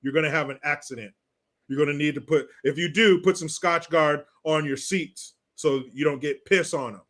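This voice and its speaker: Here the same kind of Californian streamer, pitched fairly high with a somewhat bright tone, speaks at normal speed. He mocks politics in crude, blunt terms and reads viewers' comments aloud in a casual rant.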